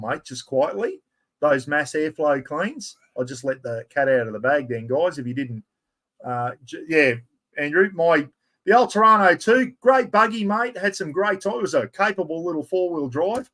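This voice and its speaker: A middle-aged Australian man runs a live giveaway stream in a casual, chatty way. His voice sits a little higher than most men's. He talks in an excitable, blokey style, full of slang. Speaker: livestream host.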